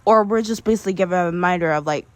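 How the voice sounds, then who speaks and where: A young woman in casual chat, sharing excitable, rambling fan theories with frequent giggles. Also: fairly low pitch, very fast, no echo.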